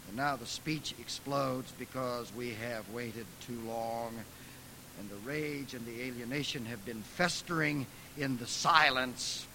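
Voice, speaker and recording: Male preacher, bright and forceful, emphatic with big dynamic swings, faint hiss behind. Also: mid-range voice, unhurried, poor audio. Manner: emphatic, swinging from soft asides to loud dramatic outbursts. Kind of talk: lecture-style preaching.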